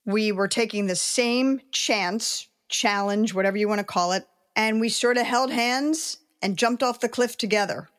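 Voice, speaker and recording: A woman's voice: fairly high pitch, normal speed, hardly any pauses. A middle-aged woman, a veteran sports reporter, telling candid stories from her career in an interview. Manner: candid, animated storytelling. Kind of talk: interview storytelling.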